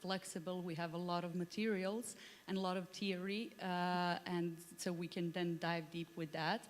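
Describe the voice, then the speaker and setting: A woman on a conference panel explaining her cultural onboarding program in a measured, explanatory way. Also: fairly low pitch, flat delivery. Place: conference hall. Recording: long hall reverb.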